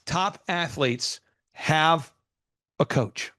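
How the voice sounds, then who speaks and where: Man, business coach host, emphatic, rambling, fairly high voice, dry sound. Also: very slow, sharp tone, dry recording. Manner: rambling, emphatic storytelling with many restarts. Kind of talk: energetic coaching talk.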